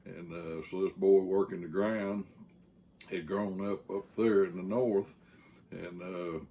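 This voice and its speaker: A Texan man tells a yarn in an unhurried drawl, pitched a little low. He rambles along, stopping often on a drawn-out "uh" before he picks the thread back up. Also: steady tone, mellow. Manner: rambling, frequent "uh" pauses. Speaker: channel host and storyteller. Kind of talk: casual storytelling.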